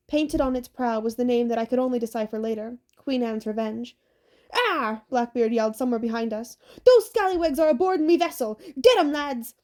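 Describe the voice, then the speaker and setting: A woman narrating a first-person adventure audiobook in a steady, even storytelling delivery. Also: fairly high pitch.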